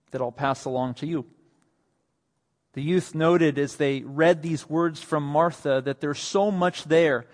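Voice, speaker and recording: A male pastor preaching a sermon. His voice swells to emphatic peaks on quoted lines and sinks soft and low when he speaks of his own need. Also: in a large hall. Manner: rises to emphatic, raised delivery on quoted lines, then drops soft and low.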